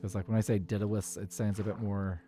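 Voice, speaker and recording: A man with a Dublin Irish accent chatting casually while streaming a game, rambling and halting, with lots of fillers and restarts. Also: lowish voice, flat delivery, dark tone, faint music behind. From Ireland.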